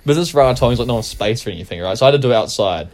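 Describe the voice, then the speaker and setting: A man's voice: medium pitch, lively intonation, racing, a little mellow, slight background noise. A young man, co-hosting a podcast and telling stories in a loose, profane, rambling way. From New Zealand. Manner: profane, rambling, laughs through his stories. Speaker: podcast co-host. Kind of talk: casual storytelling chat.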